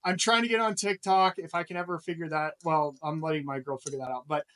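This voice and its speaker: A man's voice: on the high side, steady tone, quick pace, a bit bright. A man talking as a podcast guest, rambling with lots of fillers and frequent laughter. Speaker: guest, real estate investor. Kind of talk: casual podcast interview.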